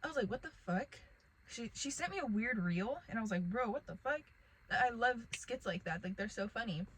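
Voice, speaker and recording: A woman's voice: on the high side, lively intonation, normal speed, a bit bright, slight background noise, rough recording. A young woman telling a rambling casual storytime vlog to the camera, packed with "like" and fillers. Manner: rambling, filler-heavy, lots of "like".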